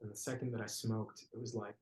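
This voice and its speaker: A man's voice: lowish voice, level tone, fast talker, a little mellow. Reflective man telling a story in a roomy room. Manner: searching, hesitant phrasing with frequent "like" and restarts. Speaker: podcast guest, actor. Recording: roomy podcast recording.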